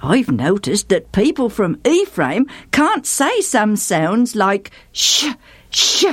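A woman storyteller voicing an eager, excitable male adviser who giggles as he talks. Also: mid-range voice, slow, breathy edge, no echo, studio quality, heavily acted.

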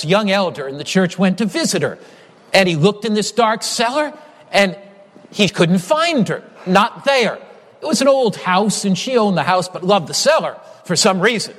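A man preaching a sermon, emphatic, with repeated phrases and slow, stressed key lines. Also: high-pitched, fairly bright tone, big-room sound.

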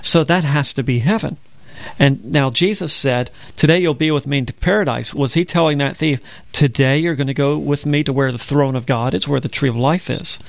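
A man's voice: mid-range voice, normal speed, vocal fry, no room sound. A man co-hosting a religious radio talk program, telling stories and reading scripture in an earnest, conversational way. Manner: earnest storytelling, quotes scripture. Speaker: co-host of a Bible program.

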